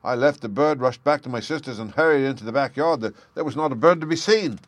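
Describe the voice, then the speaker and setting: A man's voice: mid-range voice, fast talker, dry recording, voice pushed up, natural voice. A man reading aloud plays a frightened young thief pouring out a pleading confession, his voice raised and urgent. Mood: anguished.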